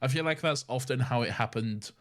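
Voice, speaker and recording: A man co-hosts a podcast in casual conversation, rambling and frequently restarting his sentences. He has a mid-range voice that's a little fast and a bit bright.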